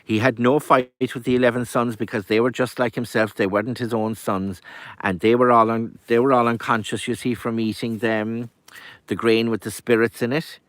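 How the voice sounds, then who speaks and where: Male storyteller, conversational folk-tale teller, mid pitch. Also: moderate pace, no room sound. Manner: lively, conversational, with asides.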